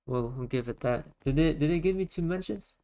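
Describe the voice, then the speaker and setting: A man talking casually on a live stream while gaming, in a loud, projecting voice, often repeating himself for emphasis. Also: a little high, fairly quick, low-quality recording.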